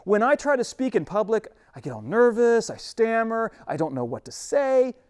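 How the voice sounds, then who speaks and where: A man's voice: very animated, normal speed, clean tone. A man voicing an anxious, whining Moses full of excuses, in a pleading, raised voice during a sermon. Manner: pleading, higher-pitched, stressed. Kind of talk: sermon retelling with character voices.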